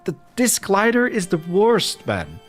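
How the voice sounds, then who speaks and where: A man's voice: high-pitched, huge pitch swings, measured pace, soft background music. A young man with a Flemish accent, Dutch-speaking, chatting casually and self-deprecatingly with his viewers while playing a game. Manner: rambling, self-deprecating, talks to chat. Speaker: streamer. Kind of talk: casual livestream chat over gameplay.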